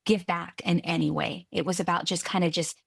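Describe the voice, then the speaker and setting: A woman from California, a guest on a podcast interview, telling her story earnestly and with lively restarts. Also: lowish voice, brisk, gravelly, husky, no room sound, clean studio sound. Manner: earnest, lively retelling with restarts and quoted voices. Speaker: guest, tech executive.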